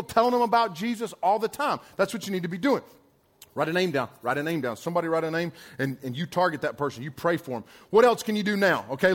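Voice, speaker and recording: High-voiced chatty man preaching. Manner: chatty, storytelling, slangy asides. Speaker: pastor. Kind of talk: sermon to a youth audience.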